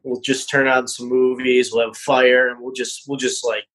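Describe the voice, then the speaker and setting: A man in a band, chatting warmly with many fillers and laughs on a video call interview. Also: medium pitch, flat delivery, low-quality recording. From New York State. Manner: friendly, laughing, halting with fillers. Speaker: band member.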